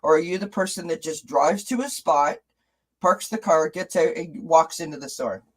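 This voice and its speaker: A man's voice: fairly high pitch, animated, normal speed, low-quality recording. A man hosting a casual live stream, chatting with viewers, reading out their comments and asking them rhetorical questions, often restarting his sentences.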